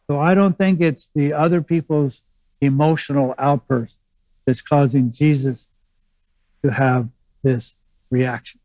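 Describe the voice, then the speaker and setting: A man's voice: a little high, a little mellow, dry recording, low-quality recording. A man preaching a sermon as pastor, explaining scripture in a conversational teaching manner with asides and restarts.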